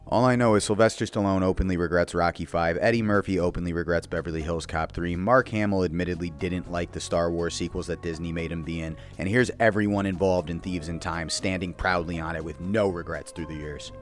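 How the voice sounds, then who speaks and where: A man giving a casual, profane commentary rant, animated and mocking. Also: deep voice. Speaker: video commentator.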